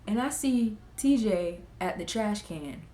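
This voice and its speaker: A woman's voice: medium pitch, unhurried, a little hiss or hum. A young woman, chatting casually in a get-ready-with-me vlog and acting out family members' lines as she tells the story. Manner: animated, acts out family members' lines in quotes. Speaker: vlogger. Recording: echoey room.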